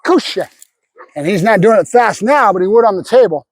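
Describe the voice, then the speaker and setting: A dog trainer, a man with a notably high voice, talks through a hands-on training session. He mixes explanation with quick praise words for the dog. The sound is dry and close, with little room echo. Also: lively intonation. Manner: explains while giving the dog short praise cues.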